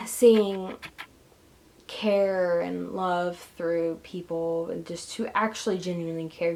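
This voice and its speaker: Rambling young woman with a gravelly low voice. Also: a little mellow. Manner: rambling, self-deprecating, jumps into high squeaky voice for jokes. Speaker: vlogger. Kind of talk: casual vlog monologue.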